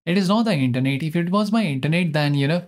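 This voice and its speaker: A young man streaming a game live, chatting in a rambling, excitable way and often mocking his own mistakes. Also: a little high, fast talker. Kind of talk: live gameplay commentary.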